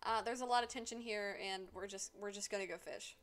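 A woman's voice: mid-range voice, fairly even intonation, a little fast, fairly bright tone. A woman streamer chatting casually as she plays a life-sim game, sarcastic and swearing freely as she scolds the characters aloud.

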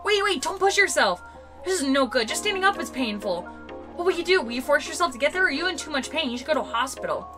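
Anxious young man, fretful questions, very high lively voice, read by a woman from a game. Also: fast talker, music in the background. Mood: worried. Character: worried young man fussing over a hurt friend. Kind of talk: reading game dialogue aloud.

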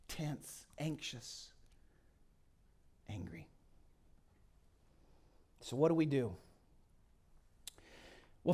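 A middle-aged man preaching a sermon. He tells the story dramatically, swinging from loud to hushed. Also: high voice. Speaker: guest pastor.

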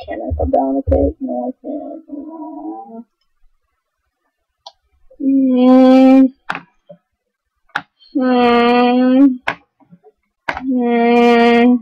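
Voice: mid-range voice, no echo. A gamer giving anxious, playful commentary over gameplay. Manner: anxious, pleading and playful, drawn-out slow talk. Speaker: gamer recording a let's play. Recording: dry lo-fi home recording.

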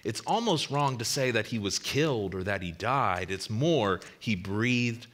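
A man preaching a sermon as pastor, swelling to loud emphasis and then dropping to a hushed close, sometimes repeating words as he restarts. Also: fairly low pitch, animated, unhurried.

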